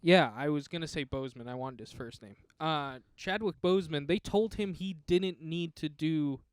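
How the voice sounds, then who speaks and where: Blunt opinionated man, fairly high voice. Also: moderate pace, smooth, dry recording, studio quality. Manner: blunt, opinionated, animated when riled. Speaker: podcast co-host. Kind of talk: casual movie review chat.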